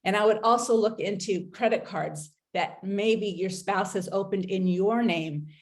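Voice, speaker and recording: A woman hosting a talk, giving recovery and safety advice in an earnest, measured way with frequent pauses. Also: medium pitch.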